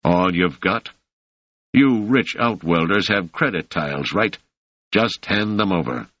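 A man's voice: low-pitched, expressive, unhurried, fairly bright tone, no echo, heavily acted. A man reading an audiobook voices a swaggering male street thug who taunts and mocks his victims. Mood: menacing. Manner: taunting, sneering. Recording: dry, slightly muffled lo-fi audio.

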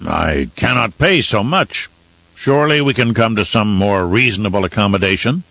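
A man's voice: medium pitch, lively intonation, normal speed, bright, forceful tone, no room sound. A man voicing a cruel, scheming older male baron with a sneering, mocking manner, in a dull, dry recording. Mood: pressed.

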